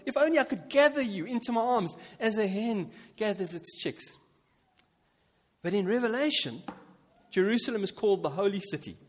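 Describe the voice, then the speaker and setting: High-voiced male preacher in a reverberant hall. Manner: animated, rising to emphatic peaks and dropping to soft asides. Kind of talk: sermon.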